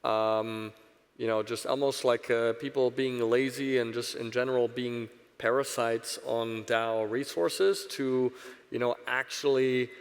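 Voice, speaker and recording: A man's voice: medium pitch, steady tone. A man speaking on a conference panel, talking with many restarts and tag questions. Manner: halting, many restarts and "right?" tags. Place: conference stage in a large hall. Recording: reverberant hall.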